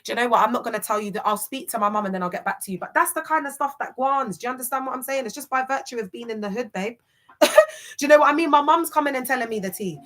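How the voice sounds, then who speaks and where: A woman's voice: on the high side, fast, fairly bright tone. A young woman from West London with a London accent, giving casual vlog commentary in emphatic street slang full of rhetorical questions. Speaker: commentator on church cults.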